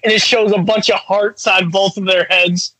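A man co-hosting a casual podcast reads a news story aloud but keeps breaking up, laughing through his reading. His voice is high-pitched with little pitch movement and a moderate pace, and the low-quality recording has a crowd in the background.

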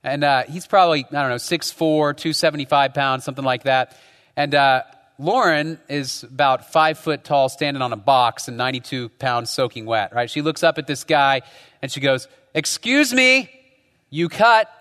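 A man's voice: medium pitch, fairly even intonation, moderate pace, fairly bright tone, long reverb tail. A man preaching a sermon as pastor, talking conversationally and often tagging his points with rhetorical questions. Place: church.

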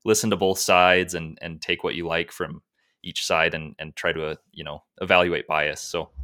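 A man's voice: deep voice, little pitch movement, moderate pace, bright, forceful tone. A man hosting a podcast interview, friendly and rambling, often trailing off. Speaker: podcast host. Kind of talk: casual interview conversation.

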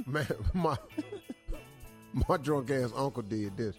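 Slow, laughing radio host man. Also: medium pitch, expressive, soft background music. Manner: laughing, drawling storyteller. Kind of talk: casual storytelling banter.

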